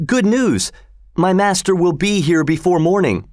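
Man voicing eager young male servant, pitched high, yelling, storybook. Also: moderate pace, no echo, clean studio sound, natural voice. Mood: excited shouting.

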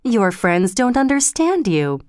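A woman voicing a sharp, scornful queen in a storybook reading, scolding her husband with urgency. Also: fairly high pitch, very animated, a little slow, no echo, studio quality. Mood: urgent.

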